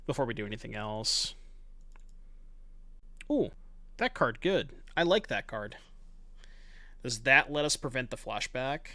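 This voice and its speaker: A man's voice: mid-range voice, expressive, unhurried, long pauses, bright, forceful tone, no echo. A man giving casual commentary on his online card game, thinking aloud in a chatty, self-mocking way and swearing now and then.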